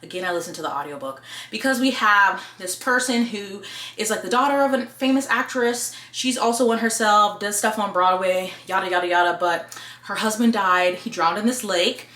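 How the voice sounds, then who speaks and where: A woman reviewing books in a casual, blunt, expressive way and swearing freely. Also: medium pitch, normal speed, echoey room. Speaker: book reviewer.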